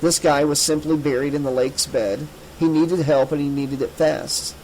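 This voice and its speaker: Guy reading an audiobook, steady and measured, kinda high voice. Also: a little hiss or hum, rough recording. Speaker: audiobook narrator. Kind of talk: scripted narration.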